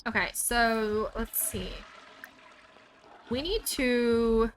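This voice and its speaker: A woman's voice: a little high, very slow, slight background noise. A young woman casually commenting on a life-simulation game as its host, chatty and rambling, with game music playing. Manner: chatty, rambling, says "like" a lot. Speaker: gaming channel host. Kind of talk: casual let's play commentary.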